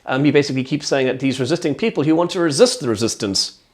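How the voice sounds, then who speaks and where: A man's voice: mid-range voice, animated, quick pace. A man giving an enthusiastic, rambling casual review of a TV show.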